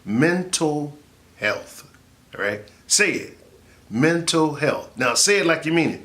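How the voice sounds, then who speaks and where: A man, a comedian and laugh therapist, giving an animated, jokey motivational talk that rises into shouts for effect. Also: fairly high pitch, takes it slowly.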